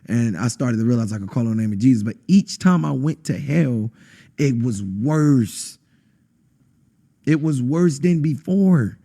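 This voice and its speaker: A man, a podcast guest telling an intense personal testimony and acting out quotes with sudden high bursts. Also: lively intonation, unhurried, mellow. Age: adult, has a wife. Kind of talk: emotional testimony in conversation.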